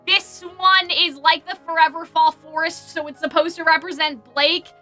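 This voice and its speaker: A woman hosts a relaxed livestream chat, talking in a loose, rambling way full of "like" and "I don't know". Her voice sits very high and sounds sharp and bright. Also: normal speed, faint music behind. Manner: chatty, filler-heavy, thinks aloud. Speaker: host. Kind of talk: casual livestream discussion.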